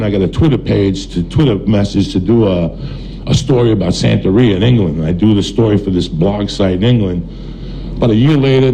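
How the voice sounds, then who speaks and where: A middle-aged man from New Jersey doing stand-up storytelling on stage before a live audience, blunt and profane, talking in quick bursts. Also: on the low side, gravelly, dark tone, a little hiss or hum, rough recording. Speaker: stand-up comedian.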